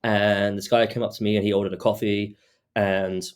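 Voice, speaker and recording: A man's voice: fairly low pitch, level tone, normal speed, clean tone. A young man who grew up between Britain and Australia, hosting a podcast and telling a story in a hesitant way, full of fillers and restarts. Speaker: podcast host. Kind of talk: casual storytelling.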